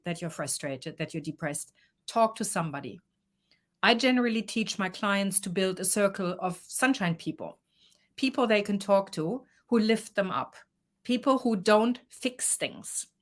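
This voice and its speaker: A woman coach answering interview questions, explaining and advising at length. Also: medium pitch.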